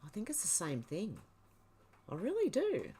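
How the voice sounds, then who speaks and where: A woman's voice: mid-range voice, huge pitch swings, measured pace, dark tone, breathy edge. A woman hosting a livestream, chatting casually and laughing often as she reads viewer comments aloud. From Australia. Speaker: livestream host.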